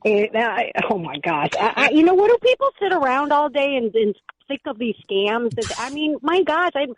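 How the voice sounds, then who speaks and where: A woman's voice: high-pitched, very animated, normal speed, low-quality recording. An older woman calling in to a radio show, talking earnestly with hesitant fillers. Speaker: caller. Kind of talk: phone-in chat.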